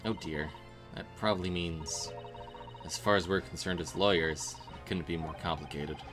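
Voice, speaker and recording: A man's voice: low-pitched, steady tone, normal speed, close to an everyday voice. A man voicing a hesitant, worried young male defense lawyer in a voice close to his own. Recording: game music playing behind.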